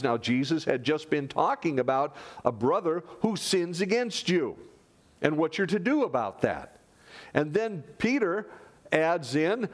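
A male pastor preaching a sermon in an earnest, conversational way, with dramatic drops to a hush. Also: a little high, big pitch swings, moderate pace.

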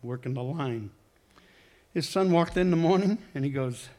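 A man's voice: a little high, normal speed, dark tone. A man giving a personal testimony to a congregation, talking conversationally in a rambling way and correcting himself as he goes. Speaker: church member giving testimony.

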